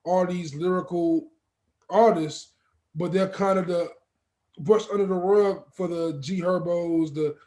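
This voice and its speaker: High-voiced man hosting laughing slangy chat. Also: fairly even intonation, measured pace, dark tone. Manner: laughing, incredulous, slangy, says "bro" a lot. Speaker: podcast host. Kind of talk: casual chat.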